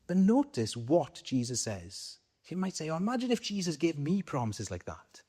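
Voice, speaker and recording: A man's voice: fairly high pitch, huge pitch swings, normal speed, dark tone, slightly rough. A man with a Welsh accent preaching a sermon in a conversational way, putting questions to the congregation and answering them himself.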